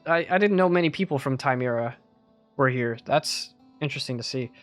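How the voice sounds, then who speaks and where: A man's voice: medium pitch, close to an everyday voice. A man voicing a polite, apologetic young male student from a church, in a tabletop game with guitar music behind. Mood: friendly. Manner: apologetic, friendly, slightly halting.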